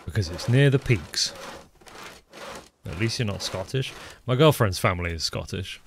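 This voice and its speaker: A man's voice: on the low side, expressive, moderate pace, gravelly. A man with an English Midlands accent chatting casually on a live game stream, rambling, answering chat and swearing offhandedly. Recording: noisy stream audio with mouse clicks.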